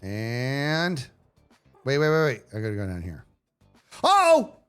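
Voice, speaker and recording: A man livestreaming a game, talking casually to his viewers in a lively voice that swings widely in pitch. He chats on loosely and yells playfully at enemies on screen, with soft music running underneath. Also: a little slow, clean tone. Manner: chatty and animated, yelling playfully at enemies. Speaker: video game streamer. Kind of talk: casual live gameplay commentary.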